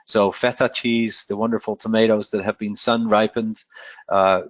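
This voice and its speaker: A man presenting a slide talk about travel to an audience, conversational and often pausing with fillers. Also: fairly low pitch, level tone, dry recording. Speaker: cruise line presenter. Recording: dry, dull lo-fi sound.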